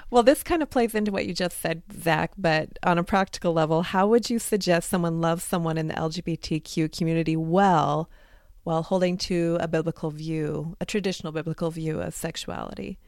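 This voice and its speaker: A woman hosts a casual podcast chat in a low, gravelly voice. She asks eager follow-up questions. The sound is close and dry. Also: steady tone, fairly quick, a little mellow, no echo. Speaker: podcast host.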